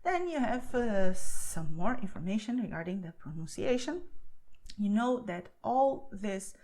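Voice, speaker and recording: A woman's voice: mid-range voice, big pitch swings, measured pace, darkish tone. Patient Spanish-accented woman teaching. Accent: Castilian Spanish. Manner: patient, checks in with "okay?" often. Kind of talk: explaining a beginner lesson.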